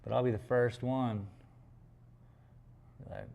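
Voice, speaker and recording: Low, mellow male painter, slow rambling live chat, jokey and profane. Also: slight background noise. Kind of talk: casual livestream chat.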